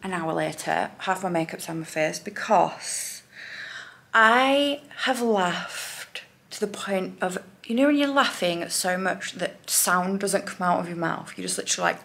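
A woman's voice: lowish voice, expressive, measured pace, creaky, a bit bright. A woman in her thirties from England, chatting casually to her phone camera in a vlog and laughing often as she talks. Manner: chatty, bubbly, laughs a lot mid-sentence. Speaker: vlogger. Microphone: handheld phone camera at arm's length.

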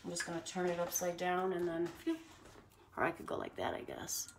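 In a noisy home recording with clicks, a woman hosts a relaxed cooking livestream from her kitchen, talking straight to viewers as she works. Recorded from a distance, her fairly low voice is fairly even and fairly quick.

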